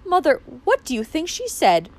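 A woman's voice: high voice, huge pitch swings, moderate pace, a little mellow, voice pushed up. A woman reading an audiobook voices a prim young woman who complains indignantly to her mother. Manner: indignant and aggrieved. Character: prim, offended young woman telling tales.

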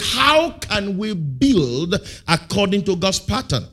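A man preaching in a fairly high voice, calling out half-sentences for the congregation to finish. He hammers key words with loud, stretched bursts before dropping back to a steady teaching tone. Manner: call-and-response preaching, leaving blanks for the congregation; emphatic, with sudden loud, drawn-out bursts. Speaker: pastor. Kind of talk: sermon.

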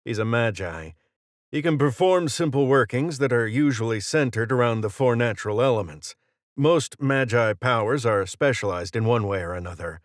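A man reading the lines of a gruff male mercenary who talks in brusque, clipped banter. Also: medium pitch, expressive, moderate pace, no room sound, studio quality, lightly acted.

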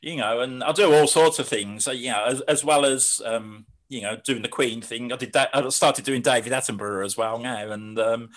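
Guy rambling on about poetry slams, mid pitch, laughs at himself a lot. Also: normal speed, few pauses, poor audio. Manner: rambling, self-deprecating, frequent restarts. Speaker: poet and slam host. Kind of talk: casual interview chat.

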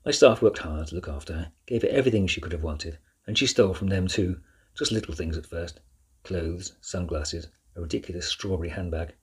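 A man reading as a scheming aristocratic earl, deep husky voice, smooth, clipped. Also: fairly quick. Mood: soft, accusing. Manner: smooth and clipped, snapping through gritted teeth. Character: scheming aristocratic male earl, cold and controlling.

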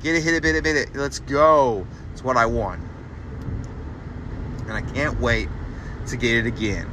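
A young man hosting a solo podcast, ranting in a profane, exasperated way and jumping into loud high outbursts. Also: normal speed, a little hiss or hum, poor audio. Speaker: podcast host.

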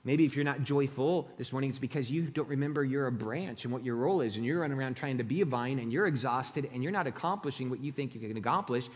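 A middle-aged man preaching a sermon as pastor. He swings from loud, emphatic build-ups to quiet, earnest asides. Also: medium pitch, quick pace, hardly any pauses. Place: church sanctuary. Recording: long hall reverb.

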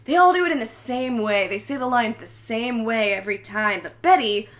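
Bright-voiced woman animatedly retelling a film. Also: fairly high pitch, moderate pace. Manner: animated storytelling with many fillers, acts out quotes. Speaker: podcast co-host recapping a film. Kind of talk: casual chat.

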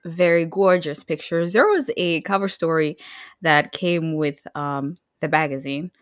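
A woman's voice: low voice, a little slow, dry recording, studio quality. A woman co-hosting a podcast in casual chat, laughing and filling her talk with "like" and "um". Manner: laughing, chatty, lots of fillers. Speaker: podcast co-host.

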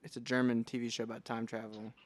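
A man co-hosting a casual podcast chat in a laid-back way, often trailing off softly. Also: mid-range voice, flat delivery, fast, no room sound. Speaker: podcast co-host.

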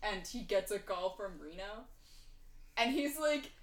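A woman's voice: mid-range voice, animated, measured pace, reverberant. A woman chatting casually about a video game, a little hesitant at times.

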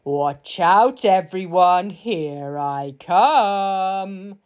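A woman voicing a huge, hungry male giant who chants slowly and roars. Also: medium pitch, animated, darkish tone. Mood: roaring. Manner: slow drawn-out roaring chant.

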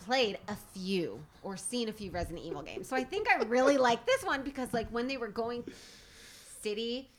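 A woman's voice: a little high, lively intonation, moderate pace. A woman co-hosting a podcast in casual chat, giggly and often cutting herself off. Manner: giggly, self-interrupting. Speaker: podcast co-host.

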